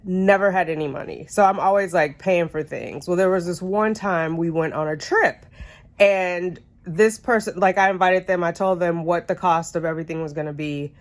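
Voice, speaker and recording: A woman vlogger with a lowish voice talks casually to her phone camera about relationships at a normal pace. Sounding a bit congested, she chats and rambles, adding asides and correcting herself.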